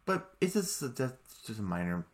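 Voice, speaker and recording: Excitable rambling man recapping a cartoon. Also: moderate pace. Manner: rambling, excitable, filler-heavy, many restarts; jumps into high voices when quoting characters. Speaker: show recap commentator. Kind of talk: casual episode recap.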